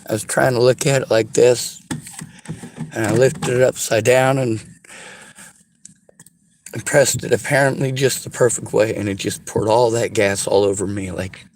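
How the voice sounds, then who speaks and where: A man's voice: on the low side, a little mellow, a little hiss or hum, rough recording. A man telling a personal story to the camera, rambling, repeating himself and swearing freely. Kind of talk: casual spoken storytelling to camera.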